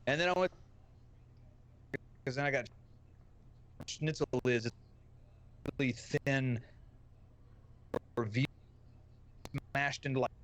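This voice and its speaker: A man's voice: medium pitch, takes it slowly, long pauses, a bit bright. A man with a Texan accent, a streamer guest telling a brash, profane, joking story on a podcast.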